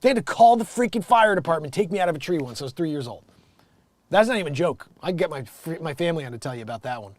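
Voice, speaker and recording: American guy with a high voice ranting over headlines, dry close sound, swears a lot. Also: lively intonation, racing, darkish tone, dry recording. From United States. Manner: riffing, sarcastic, swears casually, laughs often, does mocking voices. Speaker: show host reading news headlines. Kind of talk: improvised comedic news commentary.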